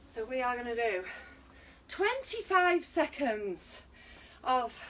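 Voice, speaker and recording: A woman's voice: on the high side, big pitch swings, slow pace, fairly bright tone, distant mic, slight background noise, low-quality recording. Breathless British woman coaching a workout. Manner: encouraging, counting down and coaching while exercising. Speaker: fitness instructor. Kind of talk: online exercise class.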